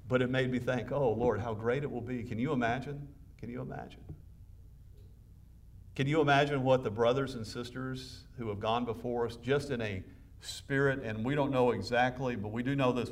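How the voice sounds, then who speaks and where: A man's voice: mid-range voice, steady tone, normal speed, far from the mic. A man preaching a sermon as pastor, enthusiastic and conversational, with frequent restarts. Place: church sanctuary.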